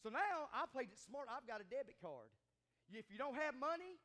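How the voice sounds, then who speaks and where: High-voiced preaching man, animated. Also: moderate pace. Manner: animated, shouting and joking with the congregation. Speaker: pastor. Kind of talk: sermon. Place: church sanctuary.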